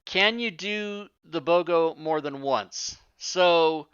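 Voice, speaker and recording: A man's voice: a little high, lively intonation, slow pace, sharp tone, clear, resonant tone, dry recording, highs cut off. A man hosting a live-streamed talk show, chatting casually and rambling off on tangents with the odd swear word. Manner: rambling, profane, self-interrupting.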